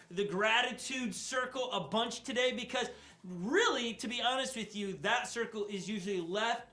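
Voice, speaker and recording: A man's voice: extremely high pitch, sharp tone, roomy sound. A man giving a casual, chatty sermon as pastor, joking with his audience. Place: church stage.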